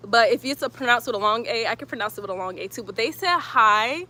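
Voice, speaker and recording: A woman guiding a yoga stretch routine with steady breathing cues and casual asides. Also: fairly high pitch, fast talker. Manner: calm breath cues, chatty when reading comments. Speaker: yoga instructor. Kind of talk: guided yoga instruction.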